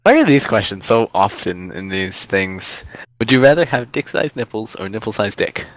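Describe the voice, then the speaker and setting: A man's voice: lowish voice, very animated, moderate pace, no echo. A young man reading out fan questions over voice chat and teasing his friend in a dry way. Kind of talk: casual voice-chat Q&A.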